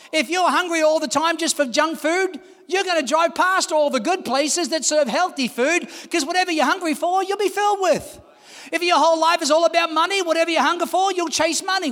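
A pastor in his fifties delivers an impassioned sermon to his congregation in an unusually high voice, speaking a little fast. He rises into shouts and repeatedly calls out to the room for responses. A large church hall gives the sound a long reverb.

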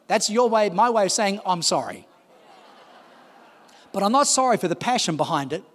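A man's voice: high voice, lively intonation, moderate pace, fairly bright tone. A man preaching a sermon as pastor, pressing his congregation with repeated calls to listen. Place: large church hall. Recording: long hall reverb.

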